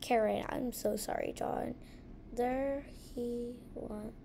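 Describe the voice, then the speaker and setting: A woman's voice: a little high, steady tone, takes it slowly, creaky, warm tone, slight background noise. A woman giving let's play commentary, jumpy and easily scared, gasping and muttering to herself as she plays. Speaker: gamer.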